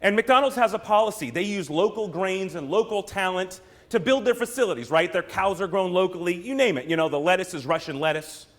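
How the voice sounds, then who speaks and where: A high-pitched American man delivers a punchy keynote talk to a room full of people. He throws rhetorical questions at the crowd and swings into theatrical asides, keeping his voice lifted and expressive throughout. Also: fairly quick, hardly any pauses. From United States. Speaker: brand strategist, speaker. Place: room with an audience.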